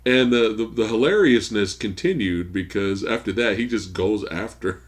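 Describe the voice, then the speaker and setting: A man's voice: fairly low pitch, normal speed. A man co-hosting a casual movie podcast, talking loosely and swearing, with frequent laughs. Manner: animated, swearing, laughs often. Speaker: podcast co-host.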